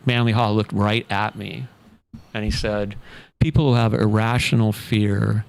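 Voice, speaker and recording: Gravelly, low-pitched man as a podcast guest, telling his story casually. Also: a little slow. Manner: relaxed anecdotal, many fillers.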